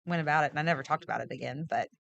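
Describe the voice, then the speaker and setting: Low-voiced woman co-anchor from Arkansas. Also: rapid-fire, creaky, fairly bright tone, no room sound, highs cut off. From Fort Smith, Arkansas. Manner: reactive, reflective storyteller. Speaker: news anchor. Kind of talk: casual on-air chat. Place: TV news studio.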